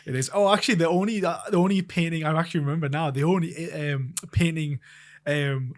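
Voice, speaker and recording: A man chats on a podcast at a quick clip, his voice sitting a little high. He tells stories with lots of energy and acts out his own panicked reactions. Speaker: podcast co-host. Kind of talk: casual chat.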